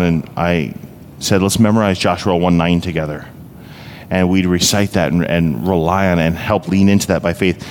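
A man preaching a sermon as a pastor, earnest and personal, growing emphatic. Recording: echoey hall, faint rumble.

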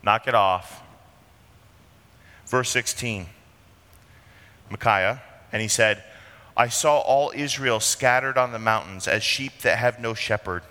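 A man preaching a sermon with earnest emphasis, slowing down on key phrases. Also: medium pitch, sharp tone, smooth. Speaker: pastor. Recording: long reverb of a large hall.

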